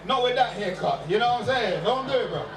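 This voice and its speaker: A man's voice: sits high, animated, fast, noisy background. A male stand-up comedian doing teasing crowd work live on a club stage. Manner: teasing, playful with the audience. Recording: roomy live club sound from a distance. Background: crowd and music.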